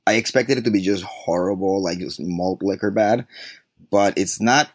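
A man's voice: fairly low pitch, moderate pace, no echo. A middle-aged man hosting a podcast in casual, rambling chat, joking as he goes. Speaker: podcast host.

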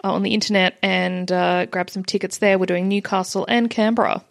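A woman's voice: medium pitch, brisk, vocal fry. Easygoing Australian woman co-host. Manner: relaxed, jokey, lots of "like" and "mm". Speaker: podcast co-host. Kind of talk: casual chat.

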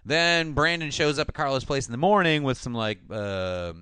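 A man casually recapping a TV episode, animated and acting out the characters' lines. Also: mid-range voice, moderate pace, clean tone, no echo. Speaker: podcast host recapping a TV episode. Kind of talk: casual chat.

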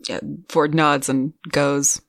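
A woman's voice: deep voice, flat delivery, slow pace, no room sound, studio quality. A woman playing a tabletop role-playing game, speaking politely as her character. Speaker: player.

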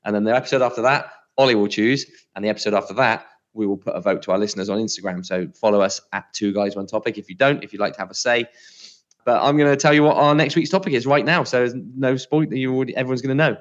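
A man with a mid-range voice talks fast while co-hosting a casual podcast, chatty and teasing as he tries out impressions. The recording has a slightly dull, lo-fi sound.

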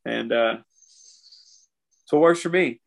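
A young man appearing as a podcast guest speaks slowly with vocal fry in a mid-range voice. He talks candidly and earnestly about something painful, emotional throughout and often calling people "man."

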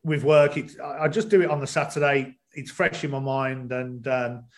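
A man's voice: mid-range voice, steady tone, moderate pace. A man, a stadium announcer and guest, telling his story at a casual pace with many fillers. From England. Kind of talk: casual interview chat.

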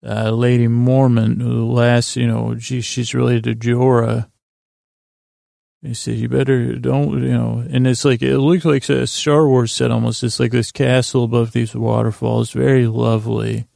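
A man's voice: medium pitch, level tone, a little slow, vocal fry, warm tone, no echo, clean studio sound. A man casually recapping a TV episode in a meandering way, full of fillers and restarts. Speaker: podcast host recapping a TV episode.

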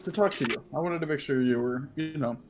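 A man voicing a calm, suspicious male crime boss who questions his henchman in a tabletop game. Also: a little high, soft background music, lightly acted. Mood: probing. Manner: measured, probing questions.

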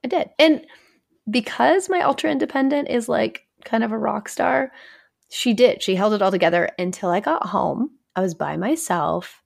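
A woman's voice: fairly high pitch, animated, moderate pace, gravelly. A woman in her thirties, a therapist hosting her own podcast, talking candidly and conversationally on her own, sometimes dropping to a near whisper. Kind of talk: casual solo podcast talk.

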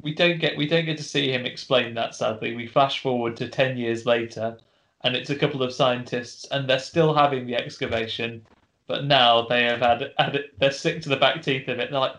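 A man's voice: medium pitch, steady tone, moderate pace, fairly bright tone, rough recording. Chatty man retelling a plot. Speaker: podcast co-host. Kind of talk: casual film recap.

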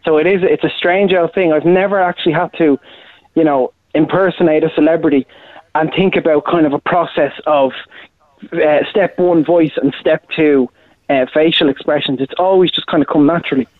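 A male impressionist chats as a guest in a casual interview, rambling with frequent restarts and lots of "you know." His voice sits on the high side with a steady tone and moderate pace, heard over a tinny, phone-like, dry line with no room sound.

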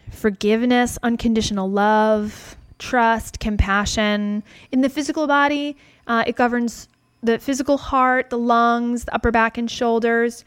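A woman teaching a relaxed talk on chakras, calm and reflective, often checking in with the listener. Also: a little high, clear, resonant tone, no echo, clean studio sound.

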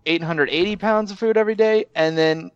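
Man, nitpicky, dry delivery, slightly higher voice, dead-dry muffled sound. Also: brisk, clear, resonant tone, no echo. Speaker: podcast co-host. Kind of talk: casual chat.

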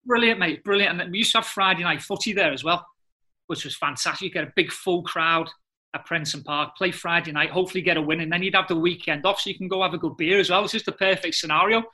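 Bright-voiced footballer telling stories. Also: male voice, high-pitched, quick pace. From England. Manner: lively anecdotal, laughs often, acts out quotes. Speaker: former footballer guest. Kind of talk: casual interview storytelling.

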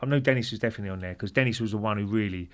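Fast-talking Essex man telling footie stories. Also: lowish voice. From England. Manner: animated storyteller, swears freely, acts out quotes, laughs mid-story. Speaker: podcast guest, former footballer. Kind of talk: casual anecdote telling.

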